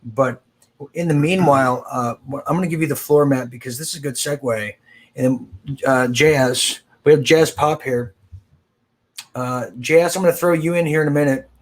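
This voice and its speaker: A man hosting a live political talk show, rambling with quick asides and frequent restarts. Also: mid-range voice.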